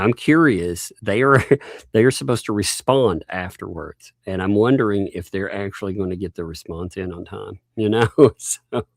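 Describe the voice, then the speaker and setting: A man's voice: fairly low pitch, no echo, studio quality. A man hosting a casual livestream, reading legal documents aloud and joking between lines. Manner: reads court documents aloud with frequent laughs and asides. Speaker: livestream host.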